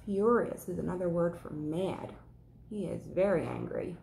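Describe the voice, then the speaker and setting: A woman teacher reading a picture book aloud to children, with expressive, animated storytelling. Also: lowish voice, unhurried, vocal fry, slight background noise. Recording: echoey room.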